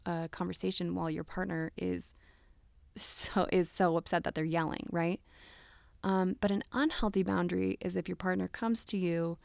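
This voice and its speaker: A woman's voice: on the low side, gravelly, a little mellow, no echo. A young woman hosting casual relationship advice talk, chatty with lots of fillers, acting out example conversations. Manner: chatty, many fillers like "like" and "you know", acts out example dialogue.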